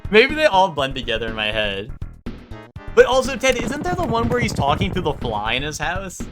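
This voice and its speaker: Male gaming streamer, casual rambling chat, swears a lot, loud background music. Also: normal speed. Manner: rambling, swears, jumps to high excited pitch.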